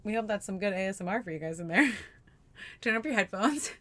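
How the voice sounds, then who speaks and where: Young woman cohosting a chatty podcast, bright tense voice, animated, lots of likes. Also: medium pitch, a little fast, slight background noise. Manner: animated, acts out her own past lines with many "like"s. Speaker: podcast co-host. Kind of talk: casual chat.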